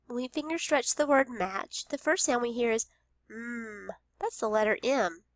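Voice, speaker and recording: A woman's voice: a little high, lively intonation, normal speed, dry recording, clean studio sound. A woman teaching a phonics lesson to young children, patiently sounding out each letter of every word.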